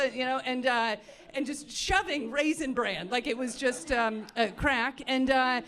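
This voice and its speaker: A woman comedian on a comedy club stage, telling a personal story in an animated way, with many fillers and acted-out asides. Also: high voice, unhurried. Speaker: stand-up comedian.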